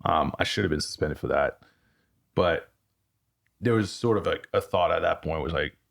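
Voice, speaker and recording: A man who is an army veteran, a guest on a podcast, recounting his youth in a halting, casual way. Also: deep voice, gravelly. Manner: halting, restarts often. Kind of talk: casual conversation.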